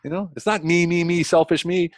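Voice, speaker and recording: A middle-aged American man, a consultant guest on a podcast, telling stories with lots of energy, restarting sentences and leaping up in pitch for emphasis. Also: steady tone, dry recording. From United States. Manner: fast, enthusiastic, frequent restarts, jumps high in pitch for emphasis. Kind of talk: animated storytelling interview.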